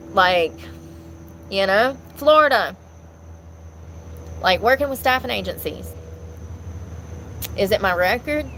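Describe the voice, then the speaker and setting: A woman's voice: medium pitch, a bit bright, slight background noise, low-quality recording. Chatty woman vlogging from her car. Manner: rambling, candid, talks to viewers as "y'all". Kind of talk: casual chat. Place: in a car, talking on her phone. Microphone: phone in hand.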